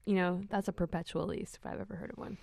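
A woman's voice: on the low side, fairly even intonation, quick pace, gravelly, a little mellow, dry recording, studio quality. Chatty woman telling playful tales. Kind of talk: casual snack-tasting chat.

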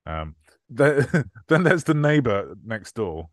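A man's voice: medium pitch, big pitch swings, slow, dry recording, studio quality. A man hosting a podcast, recapping a movie in casual chat, laughing often and hedging with fillers. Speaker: podcast host.

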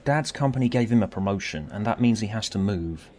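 A man voicing a sad, subdued young boy in a storybook reading, low and sighing. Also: animated, a little fast, darkish tone, lightly acted. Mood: glum.

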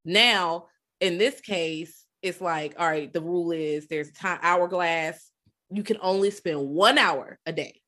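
Animated, profane woman podcast co-host. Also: fairly low pitch, measured pace. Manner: animated, profane, acts out quotes. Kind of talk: casual chat, retelling a film.

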